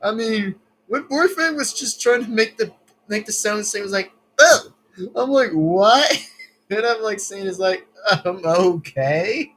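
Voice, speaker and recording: A man's voice: high-pitched, normal speed, a bit bright. A man rambling through casual reaction commentary, laughing often and swearing. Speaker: video reactor.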